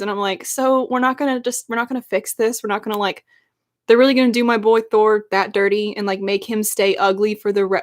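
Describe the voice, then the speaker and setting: A young woman in her twenties rants casually to her stream chat, sarcastic and full of likes and ums. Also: medium pitch.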